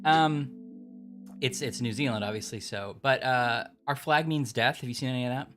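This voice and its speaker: A woman's voice: rumbling low, moderate pace, faint music behind. A woman chatting casually while playing a game, rambling and chatty. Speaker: game streamer.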